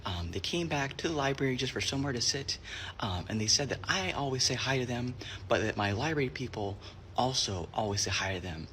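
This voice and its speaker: A man who works as a librarian tells heartfelt stories in a sincere, even voice of middling pitch. At times he sinks to a near whisper. A faint noise floor sits under the recording. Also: brisk. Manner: earnest, heartfelt, sometimes drops to a whisper. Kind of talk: storytelling monologue.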